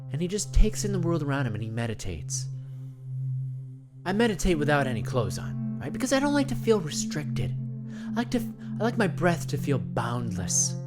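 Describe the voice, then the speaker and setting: A man's voice: medium pitch, natural voice. A man playing a rambling, self-absorbed self-care guru who talks about himself in the third person, in a comedy monologue. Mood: soothing. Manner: earnest, rambling, repeats himself.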